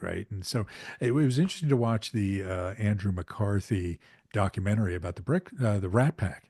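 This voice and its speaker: A low-pitched man co-hosting a podcast. He rambles casually and restarts his sentences, filling gaps as he goes. The recording is bone-dry and close to the mic. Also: a little fast, darkish tone, slightly rough, dry recording. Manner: rambling, many fillers and restarts. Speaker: podcast co-host.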